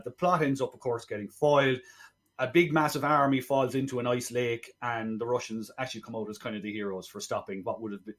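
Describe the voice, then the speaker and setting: Guy rambling through a movie recap on a podcast, mid pitch, loose and chatty. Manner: rambling, chatty, quick asides. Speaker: podcast co-host. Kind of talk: casual film review chat.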